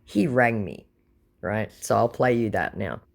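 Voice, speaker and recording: An Australian woman with a strikingly low voice talks casually about her chats, blunt and sarcastic, with the odd swear word tossed in. She reads messages aloud as if recounting gossip. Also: lively intonation, measured pace, gravelly, very noisy. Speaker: scam-baiting channel host. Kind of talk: casual chat reading out messages.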